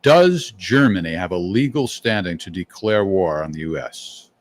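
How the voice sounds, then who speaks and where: An easygoing male host with a fairly low voice leads a relaxed interview. He asks his questions plainly and conversationally. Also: moderate pace, slight background noise. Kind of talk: casual interview chat.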